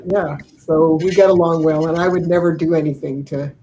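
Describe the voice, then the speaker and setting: A woman's voice: low voice, fairly even intonation, brisk, warm tone, a little hiss or hum, poor audio. An older woman chatting casually over a video call, telling family stories in a rambling, chuckling way with many fillers. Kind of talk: casual storytelling chat.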